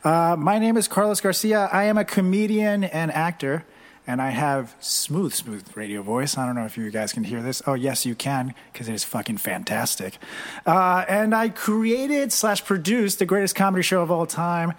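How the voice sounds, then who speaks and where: Young male podcast co-host from Venezuela, slightly high voice, crude and jokey, quick banter. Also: animated. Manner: joking, crude, fast banter. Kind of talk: casual chat.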